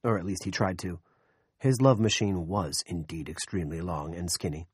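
Low-voiced man narrating an audiobook. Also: moderate pace, breathy edge, no echo, studio quality. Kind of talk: scripted narration.

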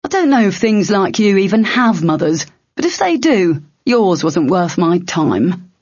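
A woman's voice: medium pitch, big pitch swings, unhurried, darkish tone, slightly rough, no echo. Woman doing a young man, defiant, wisecracking, raised and pushed, dull lo-fi audio.

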